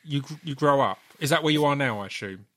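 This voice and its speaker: A man hosting a casual chat, enthusiastic and quick to agree, asking questions and sharing his own favourites. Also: medium pitch, lively intonation, a bit bright.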